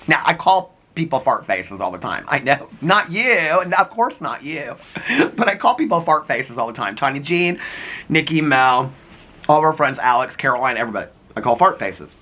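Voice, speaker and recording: A man's voice: pushed and bright, husky. A man vlogging in a casual, chatty way, telling stories with frequent laughs and acting out what people said. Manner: chatty and giggly, acts out quoted lines in a higher voice. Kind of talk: casual storytelling vlog.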